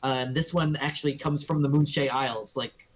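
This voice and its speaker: A man narrating as dungeon master in a casual, halting way with many fillers. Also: medium pitch. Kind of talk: narrating a tabletop game.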